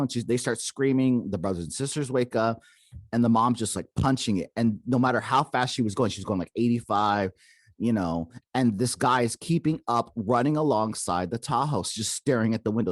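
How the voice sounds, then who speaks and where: A man's voice: mid-range voice, no room sound. A man hosting a paranormal podcast, casually retelling a secondhand encounter and quoting the people in it, with lots of "like" and "okay?". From Arizona. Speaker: podcast host. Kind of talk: casual storytelling.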